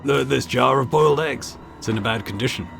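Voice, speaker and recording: A man's voice: mid-range voice, brisk, vocal fry, fairly bright tone, faint music behind. A man voicing a polite, formal male university professor in a video game. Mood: cautious.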